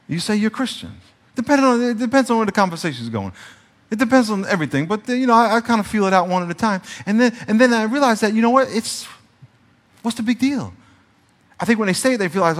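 A male pastor preaching a conversational sermon, shifting between soft, confiding passages and emphatic peaks. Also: high-pitched, lively intonation, fast. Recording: reverberant church hall sound.

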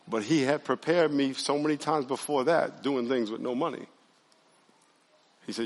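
A man preaching a sermon as pastor, conversational and animated, calling on his congregation to answer and raise their hands. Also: medium pitch, normal speed, pauses often, big-room sound. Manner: conversational, animated preaching with audience call-and-response. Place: church sanctuary.

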